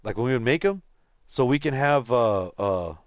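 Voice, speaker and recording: A man's voice: mid-range voice, animated, moderate pace, dry recording. A man from San Antonio, streaming a game and telling rambling, profane stories in casual chat. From San Antonio, Texas. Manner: rambling storyteller, swears a lot.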